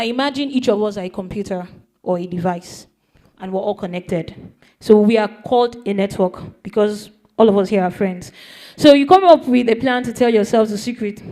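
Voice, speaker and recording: A woman's voice: a little high, a little mellow. A woman explaining a topic to a young audience in a playful way, often asking them questions. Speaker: speaker teaching young people. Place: event hall.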